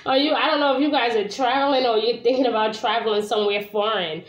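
A woman's voice: on the high side, quick pace, few pauses. A woman from Brooklyn, New York, giving a casual tarot reading to camera, chatty and informal, swearing now and then and often asking "okay?". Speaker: tarot reader. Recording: echoey room.

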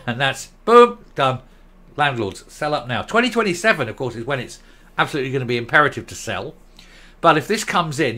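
A man's voice: medium pitch, pushed and bright. A man giving ranting commentary, blunt, sarcastic and combative.

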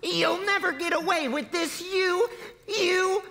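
A man doing a shrill indignant little girl. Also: takes it slowly, creaky, sharp tone, long reverb tail, full character voice. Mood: outraged.

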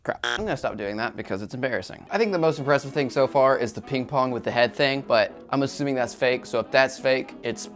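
A man's voice: mid-range voice, quick pace, hardly any pauses, soft background music. A man hosting a video-reaction show, joking, laughing often and poking fun at himself. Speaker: YouTube host reacting to videos. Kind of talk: casual reaction commentary. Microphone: shotgun or lav mic.

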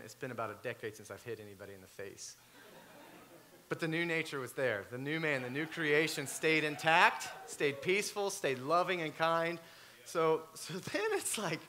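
A man, preaching a sermon and telling a story with lively swings between loud and hushed. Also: a little high. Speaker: pastor.

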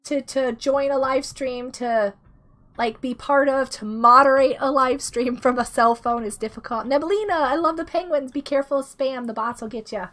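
High-pitched, giggly sick woman streamer. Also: moderate pace, a bit bright. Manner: bubbly, giggly, reads chat aloud. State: sick with a cough. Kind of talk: casual live-stream chat.

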